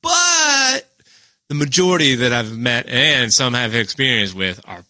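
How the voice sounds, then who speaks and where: A man's voice: mid-range voice, sing-song, unhurried, pushed and bright, no echo. A young man co-hosting a podcast in casual chat, swearing freely and acting out animals in mock voices. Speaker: podcast co-host.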